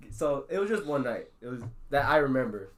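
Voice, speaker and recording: Young man, laid-back co-host, mid-pitched voice, halting delivery. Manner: relaxed, laughing, halting. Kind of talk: casual storytelling chat.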